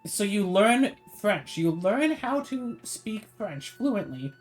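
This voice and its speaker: A woman's voice: medium pitch, slow. A woman streamer ranting casually while she plays, her voice rising and falling with a lot of life. She sounds tired, and her sarcasm keeps breaking through, with faint game music behind her. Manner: animated, sarcastic, mocking put-on voices. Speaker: gaming streamer. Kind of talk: casual ranting over gameplay.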